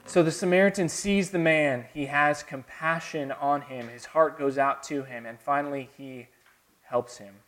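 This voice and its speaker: A man from the American South preaching a sermon with a Southern accent, earnest, swinging between soft, quiet passages and emphatic, rising lines. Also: on the high side, fairly even intonation, normal speed. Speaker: pastor.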